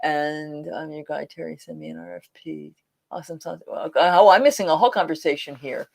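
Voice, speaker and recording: A woman hosting a casual live chat, telling stories in an animated way and acting out quotes. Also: low-pitched, a little fast, gravelly. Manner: animated, laughing storyteller who acts out quotes. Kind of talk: casual live-stream storytelling.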